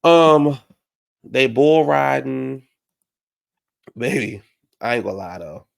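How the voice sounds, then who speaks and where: A man with a gravelly, fry-tinged voice chats through a reality show recap. He is sassy and dramatic, full of slang, and keeps jumping into high, mocking put-on voices when he quotes people. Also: expressive, slow pace. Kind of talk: casual recap chat.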